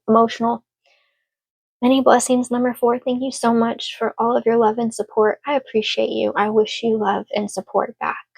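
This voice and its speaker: A woman's voice: on the high side, creaky, slightly rough, no echo. A woman giving a casual spoken tarot reading, earnest and emotional, speaking reassuringly to her listener. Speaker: tarot reader.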